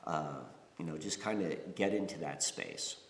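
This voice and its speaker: A man's voice: extremely low pitch, normal speed, creaky, a little hiss or hum. A man from the United States giving a casual spiritual talk, rambling with many fillers, restarts and "you know"s. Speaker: spiritual podcast host. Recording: roomy reverberant space.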